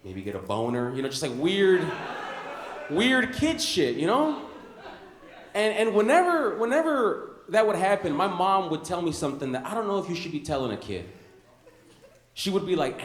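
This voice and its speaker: A young man from Chicago doing a stand-up comedy set on a club stage, animated, laughing at his own lines and calling people "bro" and "dude.". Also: high-pitched, moderate pace, a little hiss or hum. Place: comedy club stage before a live audience. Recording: roomy club sound.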